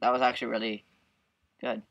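Guy doing a let's play, bright sharp voice, yelps and laughs a lot, hums along. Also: medium pitch, a little fast, gravelly, muffled recording. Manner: excitable, bursts into yelps and laughs, hums to himself. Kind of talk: casual gameplay commentary.

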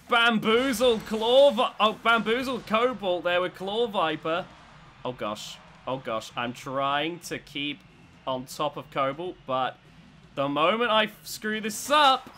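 Excitable high-voiced gaming commentator. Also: male voice. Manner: swings from muttering to shouting with excitement. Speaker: gaming YouTuber.

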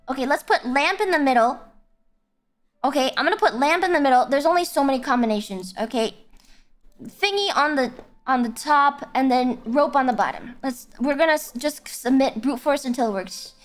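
Bright, lively young woman streamer. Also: high voice, normal speed, soft background music. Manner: rambling, repeats herself, blunt and apologetic. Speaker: livestreamer. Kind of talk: casual game stream chat.

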